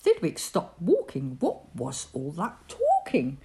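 A woman reading a rhyming bedtime story aloud in an animated storyteller's voice. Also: lowish voice, slow.

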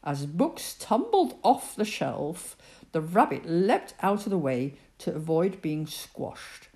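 A woman reading a children's story aloud, narrating in an expressive, dramatic way. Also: on the low side, takes it slowly.

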